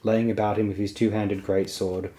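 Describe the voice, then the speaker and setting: A man reading a fantasy novel aloud as an audiobook, in a steady, even storytelling manner. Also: lowish voice, normal speed. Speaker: audiobook reader.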